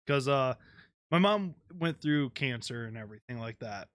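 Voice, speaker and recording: A man's voice: mid-range voice, animated, normal speed, dry recording, clean studio sound. A man hosting a podcast, bantering casually with plenty of swearing. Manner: laid-back, profane banter. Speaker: podcast host. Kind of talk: casual chat.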